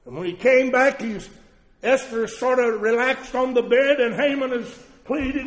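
High-voiced preacher in a reverberant church. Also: male voice, moderate pace. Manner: dramatic storyteller, swings from hushed to shouting. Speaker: pastor. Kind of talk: sermon. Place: church service. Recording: long church hall reverb.

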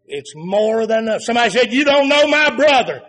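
Man, preacher, sermon, very high pitch, fervent, swings loud and soft. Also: sing-song, brisk. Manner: fervent, rising to shouts then dropping low.

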